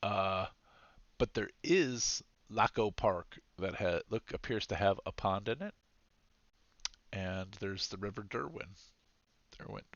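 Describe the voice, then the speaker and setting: A man's voice: fairly low pitch, slow pace, fairly bright tone, no echo, dull audio. A man narrating as game master in a rambling, self-deprecating way, laughing often.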